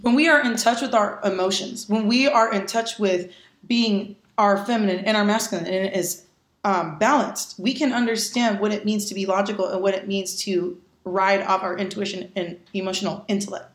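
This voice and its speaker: A woman's voice: mid-range voice, steady tone, normal speed. Candid, emphatic woman in an echoey room. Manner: candid and emphatic, with blunt swearing. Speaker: podcast guest. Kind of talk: casual podcast conversation.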